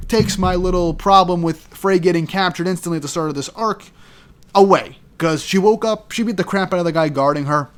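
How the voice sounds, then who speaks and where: A man casually recapping and reacting to a manga chapter, with excited asides and quick voice-acting of quoted lines. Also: a little high.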